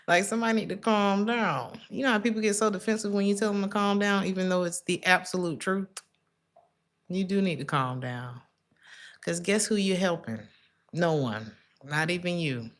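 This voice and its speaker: Woman tarot reader, blunt and chatty, easy laughter, middle pitch. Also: normal speed. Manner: blunt and chatty, laughing often, calls listeners baby and honey. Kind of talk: casual tarot reading to camera.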